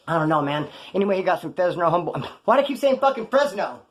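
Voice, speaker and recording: Speaking in a high, sing-song voice, this man races through his prison memories with few pauses. The monologue is loose and digressive, full of street slang and swearing, and he keeps correcting himself mid-story.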